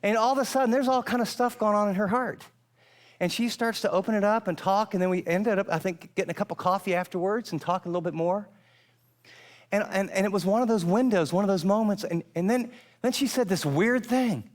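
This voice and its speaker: A middle-aged man gives a sermon in a slightly high voice. He preaches with earnest emphasis, yet keeps it conversational and direct. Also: fairly quick. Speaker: pastor.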